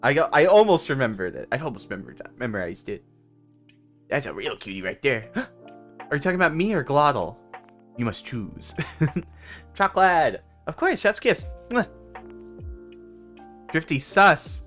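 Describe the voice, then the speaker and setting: A woman livestreaming in casual chat, telling funny stories through fits of laughter and gushing shout-outs to viewers. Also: rumbling low, very animated, moderate pace, faint music behind. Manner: giggly, bursts into laughter while storytelling.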